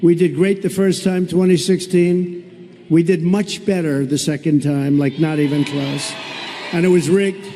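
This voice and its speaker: Man, campaign rally speech, boastful, repetitive, mocking, fairly high voice, long hall reverb. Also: steady tone, measured pace, warm tone, slight background noise. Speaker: political candidate at a rally. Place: large indoor venue with a crowd.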